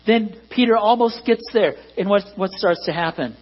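A man's voice: high-pitched, lively intonation, moderate pace, few pauses, slightly rough. A man preaching a sermon to a congregation in a conversational way that rises to emphatic peaks. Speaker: pastor. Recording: dull lo-fi recording with mains hum.

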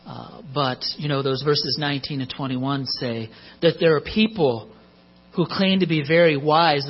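Middle-aged male preacher, chatty sermon with asides, fairly high, breathy voice, muffled lo-fi take with hum. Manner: conversational, joking asides. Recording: muffled lo-fi recording with mains hum.

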